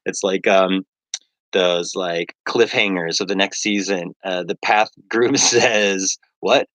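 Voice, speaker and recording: A man's voice: low-pitched, fairly even intonation, takes it slowly, fairly bright tone, no echo. A man rambling casually on a livestream as he works, self-mocking and full of fillers. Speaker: livestreaming artist.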